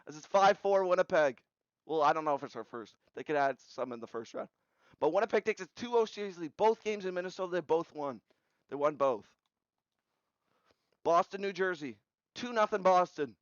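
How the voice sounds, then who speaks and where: A man's voice: high-pitched, fairly quick, no room sound. Young man rattling off game scores. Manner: rattles off scores in short bursts, excited at big goals. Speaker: video game simulation commentator. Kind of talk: play-by-play recap commentary. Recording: slightly dull lo-fi audio.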